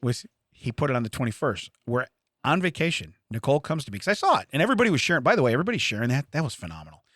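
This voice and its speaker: A man's voice: mid-range voice, very fast, no room sound, clean studio sound. A man co-hosting a comedy podcast, telling stories in casual chat and laughing often. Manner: animated storytelling, laughs often. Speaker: podcast co-host.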